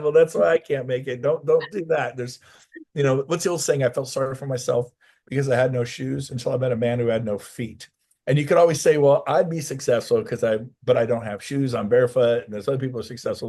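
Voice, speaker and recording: Animated man telling a story. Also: mid-range voice. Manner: animated storyteller acting out quoted voices. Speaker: real estate coach, guest. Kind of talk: storytelling in a casual interview.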